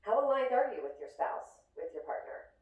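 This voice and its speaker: A woman giving a motivational talk to a live audience as a business coach, animated and acting out dialogue, often asking "right?". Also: a little high, moderate pace, narrow, tinny audio. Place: large hall with an audience. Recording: echoey hall, voice from far off.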